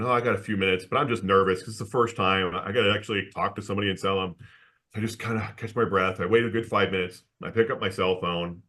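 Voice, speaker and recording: A man being interviewed as a guest, telling a story from his work in a lively way, with frequent laughs and restarts, and acting out the people he quotes. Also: lowish voice. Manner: animated storyteller who acts out the people he quotes. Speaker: guest, insurance agency owner.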